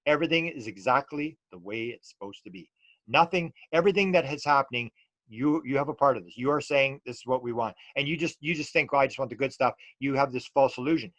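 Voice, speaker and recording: Animated, rambling man. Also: medium pitch, quick pace, no echo. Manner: rambling, animated, many restarts and fillers. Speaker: UFO researcher guest. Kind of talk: casual storytelling interview.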